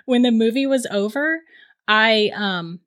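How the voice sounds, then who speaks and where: A woman in her thirties telling a ghost story in casual chat, animated and laughing often. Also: fairly high pitch, a little slow.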